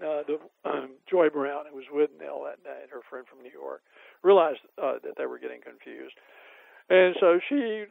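A man's voice: fairly high pitch, gravelly, dry recording, narrow, tinny audio. An older man, an author being interviewed, telling rambling anecdotes with many fillers and chuckles. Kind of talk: anecdotal storytelling.

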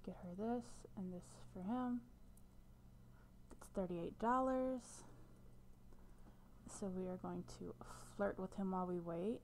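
A woman giving casual commentary over a life-sim game, chatting to her viewers and often dropping into a soft whisper. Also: mid-range voice, slow, long pauses, a little hiss or hum. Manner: talks to viewers as "guys". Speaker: gameplay commentator.

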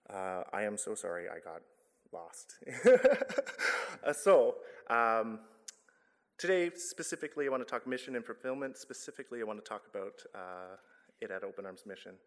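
A man's voice: fairly low pitch, a bit bright. Earnest man speaking in a church. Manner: earnest, conversational, some stumbles and self-corrections. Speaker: guest speaker, charity director. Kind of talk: church talk with personal story. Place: church sanctuary. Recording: long reverb of a church hall.

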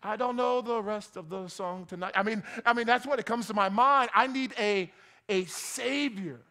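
A man's voice: high voice, normal speed, pushed and bright. A man from New Jersey preaching a sermon in a conversational, joking way, often restarting his words. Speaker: pastor.

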